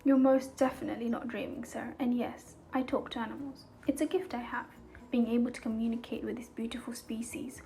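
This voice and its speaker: A woman reading the lines of a gentle young island girl who talks to animals, earnest and kind. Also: a little high, fairly even intonation, brisk, vocal fry.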